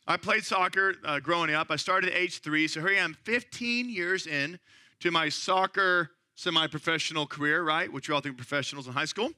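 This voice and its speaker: Bright-voiced man preaching conversationally. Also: fairly high pitch, normal speed, dry recording. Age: 30s. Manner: conversational storytelling, frequent "right?" asides. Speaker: pastor. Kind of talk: sermon.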